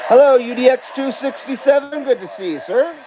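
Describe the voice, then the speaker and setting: A man's voice: very high-pitched, animated, fairly quick, dark tone, a little hiss or hum. A man hosting a casual livestream radio show from home, greeting callers in a chummy, laid-back way and swearing freely. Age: adult.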